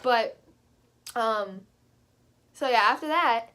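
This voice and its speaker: A young woman vlogger with a fairly high voice tells a personal tale in a loose, chatty way, full of fillers. She gets animated and leaps up in pitch whenever she quotes herself. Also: takes it slowly. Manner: animated, jumps high when quoting herself. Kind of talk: casual storytime.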